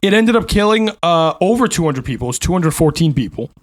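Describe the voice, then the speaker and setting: A man's voice: on the high side, expressive, fast. A man hosting a casual podcast, rambling through stories, laughing often and swearing freely. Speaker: podcast host. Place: New York.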